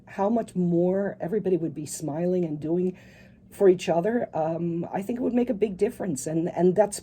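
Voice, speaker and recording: A middle-aged woman, an author being interviewed on the radio, telling a personal story with animated quoted dialogue. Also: medium pitch, slightly rough. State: tearful at moments.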